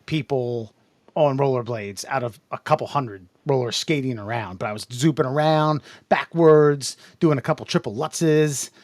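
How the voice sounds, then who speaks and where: A man's voice: medium pitch, moderate pace, a little mellow, no room sound. Dry-sounding man telling a rambling story. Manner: rambling anecdotal storyteller, self-mocking. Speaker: podcast co-host. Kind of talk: casual chat.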